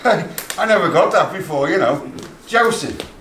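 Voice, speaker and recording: A man's voice: sits high, expressive, moderate pace, fairly bright tone. An actor with a Liverpool accent playing a blunt, protective father. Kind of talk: stage play acting. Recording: distant echoey stage with faint noise.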